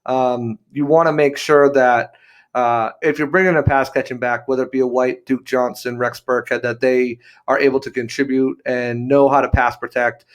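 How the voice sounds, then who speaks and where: Male football reporter guest, mid-pitched, calm, steady, casual analysis. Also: moderate pace. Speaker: team news reporter guest.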